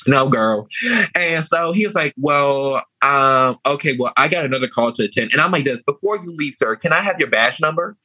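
A young man telling a story in an animated, sassy way, chatting casually. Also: fairly high pitch, a little fast, hardly any pauses, no room sound, rough recording. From New Orleans. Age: young adult.

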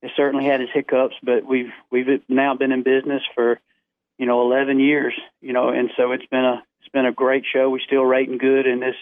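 A man's voice: mid-range voice, no echo. Man talking over a tinny phone line. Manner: lively, many quick restarts. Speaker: guest on the phone. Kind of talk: animated storytelling. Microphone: telephone.

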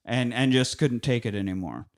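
A man's voice: mid-range voice, moderate pace. Guy swearing his way through a movie recap, laughing and doing the lines. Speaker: podcast co-host recapping a film. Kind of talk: casual profane chat.

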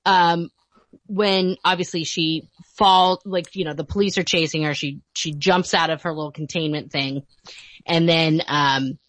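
A woman guest in casual podcast chat, animated in retelling scenes and quick to laugh, with kids of her own. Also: sits low, dry recording.

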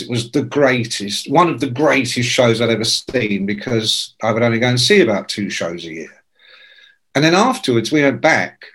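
A man's voice: medium pitch, slightly rough. A man in his sixties telling rambling, sweary anecdotes in casual conversation and acting out the people he quotes. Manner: animated, sweary, acts out quoted voices. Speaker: guest. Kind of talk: casual storytelling.

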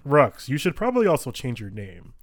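A man's voice: mid-range voice, wildly swooping pitch, brisk, dry recording, studio quality. A man running a tabletop role-playing game as game master, reading out item rules and teasing the players. He laughs easily and slips playfully between narration and banter. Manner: giggly, teasing.

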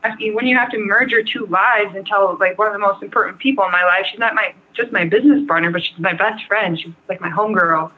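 A woman's voice: mid-range voice, fast, hardly any pauses. A young adult woman telling her own story as an interview guest, frank and rambling, with lots of "like" and "um". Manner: rambling, frank, heavy use of "like" and "um". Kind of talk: candid personal story in an interview. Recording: tinny phone-like line.

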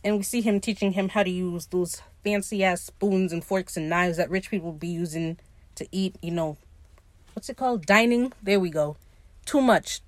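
A woman hosting a podcast, talking in a casual, slangy and profane way, opinionated and animated as she recaps. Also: lowish voice, no room sound. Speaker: podcast host recapping a TV episode. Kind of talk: casual chat.

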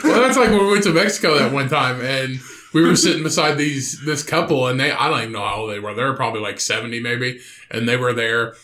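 A man's voice: medium pitch, fast talker, bright, forceful tone. A man from Indiana co-hosting a casual podcast, telling rambling stories with plenty of laughter and swearing. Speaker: podcast co-host. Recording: roomy echo.

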